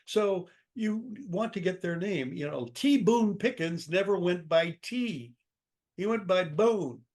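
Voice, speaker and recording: A man's voice: high voice, slow. An older man, a guest author, answering in an interview with emphatic storytelling and acted-out dialogue. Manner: energetic, emphatic, acts out quoted dialogue.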